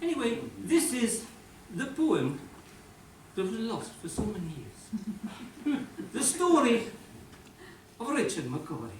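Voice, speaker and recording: Slow-talking Scottish man telling rambling jokes. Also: high-pitched, wildly swooping pitch, slight background noise. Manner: rambling, jokey, repeats himself. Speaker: folk club performer. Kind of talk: comic storytelling before a song. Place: folk club evening. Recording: roomy, distant mic, music in background.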